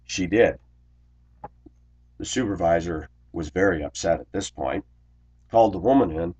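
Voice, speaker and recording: A man who drives a school bus, telling a workplace grievance story in an indignant, complaining way, clearing his throat often. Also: deep voice, normal speed, a little mellow. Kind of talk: ranting personal storytelling vlog.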